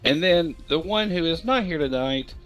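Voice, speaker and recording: A man's voice: on the high side, animated, moderate pace, fairly bright tone, faint music behind. A man hosting a livestreamed tabletop game as game master, upbeat as he introduces the players. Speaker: game master and show host.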